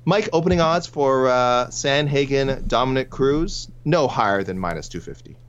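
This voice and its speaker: A man's voice: mid-range voice, lively intonation, moderate pace, smooth. A man co-hosting a casual sports podcast, running through listener picks in a rambling, self-correcting way. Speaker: podcast co-host. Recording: muffled lo-fi with faint hum.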